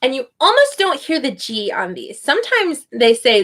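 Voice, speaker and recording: A young woman teaching English online has a high, slightly bright, very animated voice. During a casual live teaching chat she explains how to say names, pronouncing each one slowly, carefully, and at length.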